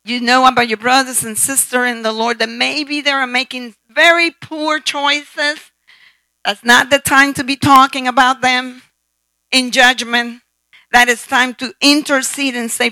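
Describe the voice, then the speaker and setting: A woman's voice: sits high, a little slow, pushed and bright, no echo, low-quality recording. A woman preaching a sermon, emphatic and asking the audience questions. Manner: emphatic, calls for amen and asks the audience questions.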